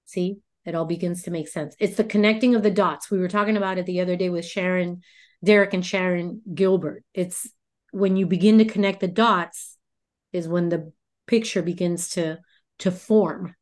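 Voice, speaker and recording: A woman hosting a relaxed talk show, chatting playfully and asking her guest questions. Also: on the low side, moderate pace. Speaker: host. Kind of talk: casual chat.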